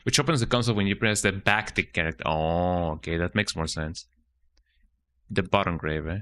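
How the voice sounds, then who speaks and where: Chatting casually on a game stream, this man speaks at a moderate pace in a low, slightly bright voice. He reads the setup instructions aloud under his breath and keeps tagging sentences with "eh?".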